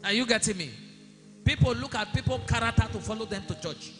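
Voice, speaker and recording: A man with a high voice and preaches to his congregation, checking in with "are you hearing me" and climbing to shouts. His voice carries a long church-hall reverb, with music clearly playing underneath. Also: fast talker. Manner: rhetorical questions to the congregation, rising to shouts. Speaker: pastor. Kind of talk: sermon.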